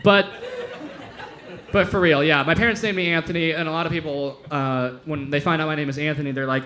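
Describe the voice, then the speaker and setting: A young male comic works a club stage on a handheld mic, his voice pitched high and bright with a forceful edge. He rambles loosely between bits and keeps bursting into loud, silly impressions. Laughter from the room sits behind him. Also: steady tone, a little fast, a little hiss or hum. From Denver, Colorado. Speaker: stand-up comedian hosting. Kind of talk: stand-up comedy set.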